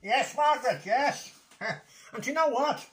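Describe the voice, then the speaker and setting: A man's voice: very high voice, animated, slow pace, full character voice. A man doing a grumpy old man ranting. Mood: exasperated. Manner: exasperated ranting, repeats himself and swears mildly. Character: grumpy older man, furious at a garage. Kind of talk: comic one-sided phone rant impression.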